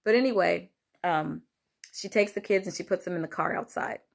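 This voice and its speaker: An older woman, a grandmother, telling a personal story in a casual monologue, animated and acting out quoted lines, with many fillers. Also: on the low side, moderate pace, gravelly. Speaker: host sharing a personal story.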